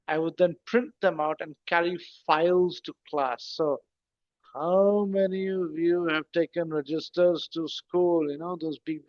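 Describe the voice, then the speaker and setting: A man, speaking as a guest. He talks conversationally, explains things step by step, and throws in rhetorical questions and lively asides. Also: a little high, no echo, dull audio. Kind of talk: conversational talk in an online session.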